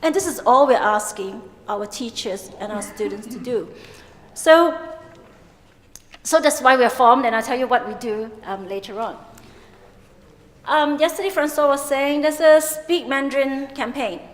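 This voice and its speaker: A woman's voice: high voice, measured pace. Woman lecturing in echoing hall. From Singapore. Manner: lively, expressive, with chatty asides. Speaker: conference speaker. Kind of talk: plenary conference talk. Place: large conference hall. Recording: long hall reverb.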